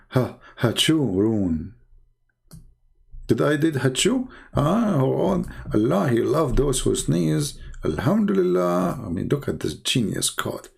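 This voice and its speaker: Arabic-accented guy, gravelly voice, mid pitch, mocking and sarcastic, halting english. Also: a little mellow. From Arab world. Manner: sarcastic, broken English with frequent fillers. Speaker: host. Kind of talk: mocking live-stream commentary.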